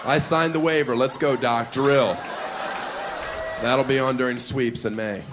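A man's voice: mid-range voice, measured pace. A male stand-up comedian doing a brash, provocative routine with wry asides on a club stage, into a handheld mic. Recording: live club audience with noisy room.

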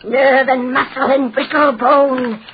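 A woman playing a sinister fortune teller in an old-time radio drama, slowly chanting spells. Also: high-pitched, level tone. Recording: hissy lo-fi old radio recording.

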